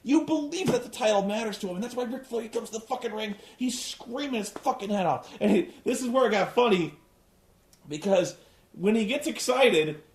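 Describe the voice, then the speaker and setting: A man's voice: sits high, expressive, normal speed, echoey room, a little hiss or hum. A man hosting a casual, profane wrestling recap, rambling and cursing as he goes. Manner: rambling, swears a lot, restarts often. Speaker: host reviewing a wrestling show.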